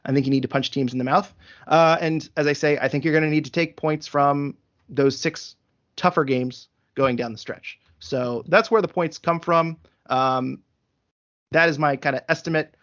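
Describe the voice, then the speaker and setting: A man's voice: fairly high pitch, fairly even intonation, moderate pace, a bit bright. A man hosting a casual sports podcast, talking through numbers methodically with frequent fillers. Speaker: podcast host. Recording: dull lo-fi sound.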